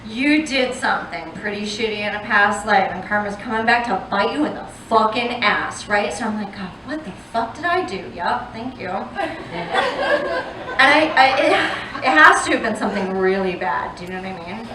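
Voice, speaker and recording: A woman's voice: mid-range voice, animated, normal speed, slight background noise. A woman doing a stand-up comedy set on a club stage, chatty and profane as she confides in the crowd. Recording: roomy live club sound from a distant mic, loud crowd.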